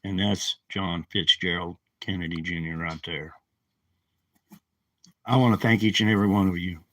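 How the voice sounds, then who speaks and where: This live streamer has a low voice, fairly even intonation, and a moderate pace as he rants angrily into a handheld phone. He's agitated and keeps repeating himself. The recording is dry and low quality.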